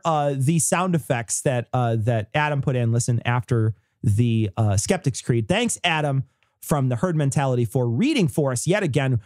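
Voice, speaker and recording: A man's voice: mid-range voice, a little mellow, no echo, studio quality. A man co-hosting a podcast, swearing a lot and ranting between laughs in casual banter. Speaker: podcast co-host.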